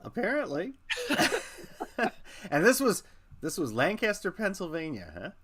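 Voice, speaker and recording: A man co-hosting a talk show, trading quick quips and laughs in casual chat. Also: high-pitched, wildly swooping pitch, noisy background. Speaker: radio show co-host.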